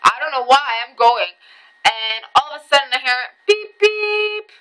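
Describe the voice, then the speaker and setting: A woman's voice: on the high side, normal speed, bright, forceful tone, low-quality recording. A young woman telling a rambling personal story in a casual vlog, swearing freely and breaking off into asides. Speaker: vlogger.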